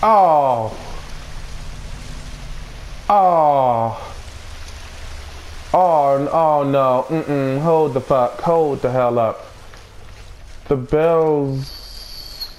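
A man playing a video game, talking to himself, swearing often and reacting loudly to the action. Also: mid-range voice, extremely slow, pauses often. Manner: excitable, swears a lot, talks to himself. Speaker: let's play gamer. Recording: noisy recording.

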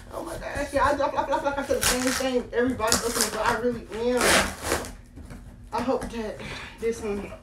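A teenage girl from Florida excitedly unboxing on her phone, talking straight to her viewers. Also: a little high. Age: late teens. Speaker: doll collector vlogger. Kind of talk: casual unboxing vlog. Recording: echoey room, faint background noise.

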